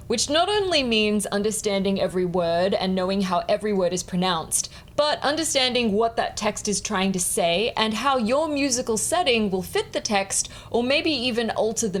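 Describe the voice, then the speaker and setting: A woman composer giving a clear, explanatory lesson, sometimes speaking words slowly to a beat. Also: mid-range voice. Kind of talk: instructional talk on music.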